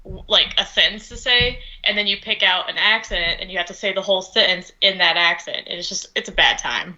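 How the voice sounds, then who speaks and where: A woman's voice: mid-range voice, brisk, bright, forceful tone, lo-fi sound. A woman co-hosting a casual podcast, rambling and self-deprecating with frequent giggles. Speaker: podcast co-host.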